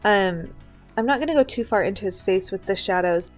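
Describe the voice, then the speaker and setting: A woman's voice: mid-range voice, expressive, brisk, soft background music. A young woman teaching a live online photo editing class, chatty and step by step, with lots of likes and ums. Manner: chatty, filler-heavy, explains step by step. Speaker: photography instructor. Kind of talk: casual screen-share tutorial. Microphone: computer mic on a live online class.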